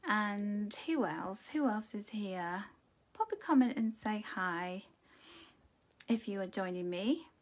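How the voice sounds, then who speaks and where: A woman's voice: mid-range voice, animated, slow. A woman hosting a live card-reading stream, chatting to viewers and greeting them fondly with endearments. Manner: chatty, with light laughs. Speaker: angel card reader and host.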